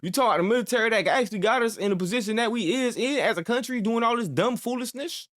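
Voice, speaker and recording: A man's voice: very high voice, fast talker. A man hosting a reaction video, ranting casually and calling his listener "gang" and "boy" again and again. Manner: animated, mock-scolding.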